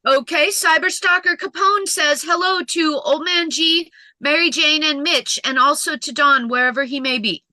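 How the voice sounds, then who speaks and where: A woman co-hosting a live stream, briskly reading teasing chat messages aloud. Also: sits high, pushed and bright, dry recording, low-quality recording.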